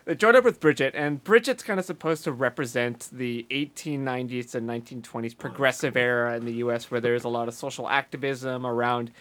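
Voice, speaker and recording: A man hosts a casual movie podcast, walking friends through the plot. His voice sits in a middle register, and he talks in animated bursts with the odd casual swear. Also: medium pitch, fairly quick, hardly any pauses. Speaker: podcast host.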